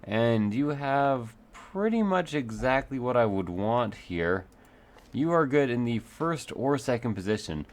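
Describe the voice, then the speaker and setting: A man's voice: mid-range voice, animated, measured pace. A man hosting a let's play, thinking aloud in a rambling, self-mocking way with many fillers. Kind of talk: casual gameplay commentary.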